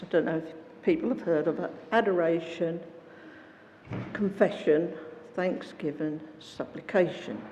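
A woman leading prayers in a church service, calmly explaining a way to pray. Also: fairly low pitch. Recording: dull, echoey church recording with faint noise.

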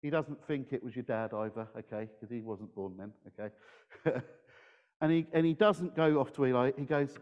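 A man's voice: mid-range voice, moderate pace, a little mellow, big-room sound, dull audio. A man giving a playful children's talk in a church service, quizzing his young listeners as he goes. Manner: playful, engages the audience with questions. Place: church hall. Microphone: handheld microphone.

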